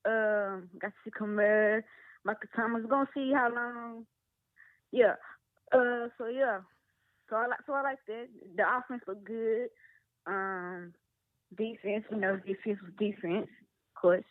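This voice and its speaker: A woman calling in to a sports radio show, speaking in a relaxed, hesitant way. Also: a little high, unhurried, pauses often, no echo. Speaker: caller. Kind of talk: phone call to a radio show. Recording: tinny phone line.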